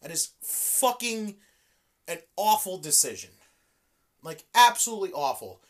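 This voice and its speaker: A woman's voice: medium pitch, unhurried. A woman co-hosting a casual wrestling chat, ranting with lots of swearing. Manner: profane, animated, ranting. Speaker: podcast co-host.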